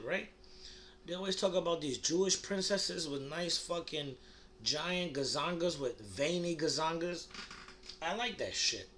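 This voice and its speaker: A man's voice: fairly high pitch, fairly bright tone, a little hiss or hum. A young man with a slightly raised voice rambles through a crude, provocative comedy monologue. He talks in loose bursts, stumbling and restarting, with "like" and "you know" everywhere. A faint ambience hums behind him. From United States. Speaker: comedy vlogger.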